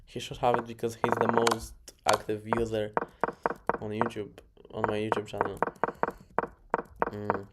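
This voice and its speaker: A man casually reviews his own chess games, muttering moves, correcting himself and chuckling as he goes. His fairly low voice is monotone and measured, and background noise is clearly audible.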